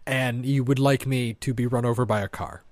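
A man's voice: medium pitch, fairly even intonation, brisk, darkish tone, no echo. Podcast co-host, male, a bit lispy, rambling and self-mocking, dry studio mic. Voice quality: slightly lispy. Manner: rambling, self-deprecating, frequent restarts. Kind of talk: casual comedic chat.

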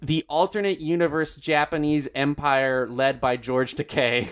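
A man in casual chat, swearing a lot, joking and slipping into quick voice impressions. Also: on the high side, fairly even intonation, clean tone.

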